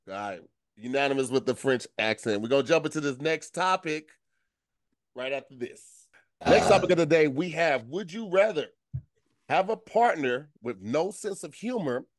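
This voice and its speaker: A man's voice: on the high side, expressive, normal speed, no room sound. Dry-sounding male host, laid-back, runs the topics. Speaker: podcast host. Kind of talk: casual podcast chat.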